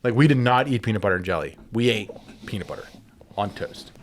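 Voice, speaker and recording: Male podcast host, casual banter, animated and blunt. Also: on the low side, quick pace, slight background noise.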